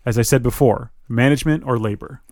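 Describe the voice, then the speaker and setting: A man's voice: medium pitch, fast talker, a little mellow, no echo, lightly acted. Give me a stern, formal young corporate man, read by a man in a dry, close voice. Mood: menacing. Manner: stiff, formal corporate phrasing.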